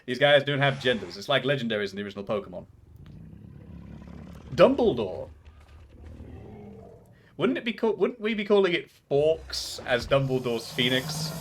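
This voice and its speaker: A man's voice: mid-range voice, slight background noise. A man streaming a game live, chatting casually and rambling off into trivia tangents. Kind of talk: casual gameplay commentary.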